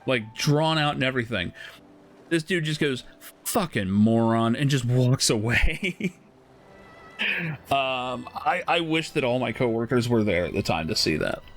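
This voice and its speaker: A man's voice: mid-range voice, lively intonation, measured pace, fairly bright tone. A man streaming a game, casually telling a story with frequent laughs and swearing. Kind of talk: casual storytelling while gaming.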